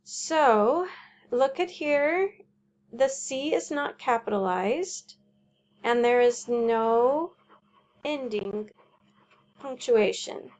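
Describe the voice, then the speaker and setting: A woman teacher explaining a homework sheet in a slow, careful way, walking through examples. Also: fairly high pitch, animated, darkish tone.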